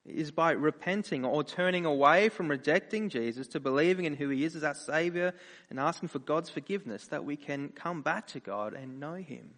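A man preaching a sermon, earnest in his appeals and animated when he tells personal stories. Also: on the high side, a little fast. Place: church. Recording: reverberant church hall.

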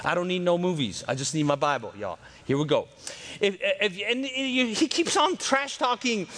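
A man preaching a lively sermon, swinging from shouts to hushed tones and acting out the voices in the story. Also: high voice, moderate pace. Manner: animated, swings between loud and hushed, acts out voices.

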